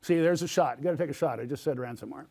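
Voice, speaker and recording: Delivering a keynote at a conference, a middle-aged man from the United States recounts a personal story and quizzes the crowd. He talks very fast in a fairly high, gravelly yet mellow voice.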